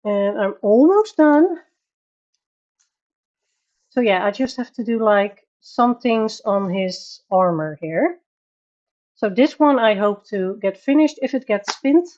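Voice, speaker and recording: Dutch-accented woman, relaxed unhurried livestream host, chatty with frequent laughs, dull lo-fi sound. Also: mid-range voice. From Netherlands. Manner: chatty, laughs often, greets viewers by name. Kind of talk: casual livestream chat. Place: home bedroom.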